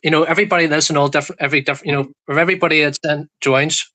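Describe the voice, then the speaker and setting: A Northern Irish man talks quickly and chattily as a guest on a casual live stream. His voice is bright and fairly high. He loops back over his own phrases, sprinkling in "aye" and "wee bit" as he goes. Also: steady tone. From Northern Ireland. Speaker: guest YouTuber. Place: his room at home.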